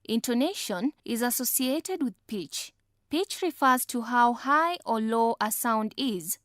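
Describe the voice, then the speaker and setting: Clear, high-voiced woman narrating a lesson. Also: expressive, fairly bright tone, no echo, studio quality. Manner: measured, instructional.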